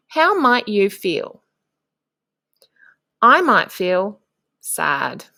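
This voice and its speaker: A woman, a primary school teacher, narrating a lesson for young children in a slow, encouraging way with clear prompts to the class. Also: mid-range voice, a bit bright, no room sound, studio quality.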